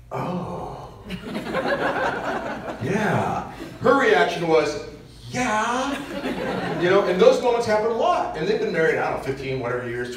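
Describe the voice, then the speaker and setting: In a large church, a man with a high-ish voice gives a parish mission talk, animatedly telling stories to the congregation and acting out what people said. The recording is echoey, with a distant mic and faint hiss.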